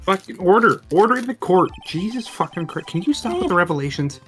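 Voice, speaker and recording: A man's voice: sits high, very animated, brisk, fairly bright tone, soft background music. A man with a Canadian accent, joking and swearing during a casual group reading. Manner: foul-mouthed, jokey.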